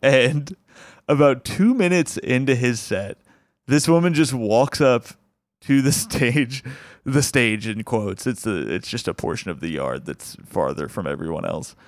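A man's voice: medium pitch, measured pace, no room sound, clean studio sound. A man hosting a comedy show, telling a funny story in a casual way, laughing as he goes and acting out quotes. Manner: laughs through his own story, acts out quotes.

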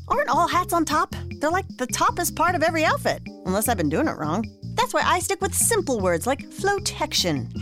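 A woman playing a chirpy, cheerful insurance saleswoman in a scripted radio ad, bubbly and goofy. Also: high voice.

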